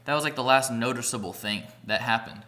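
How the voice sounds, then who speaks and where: A man's voice: mid-range voice, brisk, pushed and bright. A young man vlogger telling a rambling, profane story in a casual storytime vlog, packed with "like" fillers. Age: young adult.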